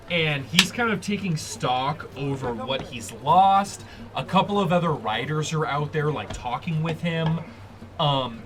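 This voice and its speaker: A man narrating a tabletop game as game master, casual and full of fillers. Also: on the high side.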